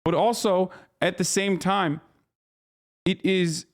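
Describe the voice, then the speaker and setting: A man's voice: high-pitched, fairly even intonation, slow. A man streaming live, giving casual, profane and incredulous commentary as host.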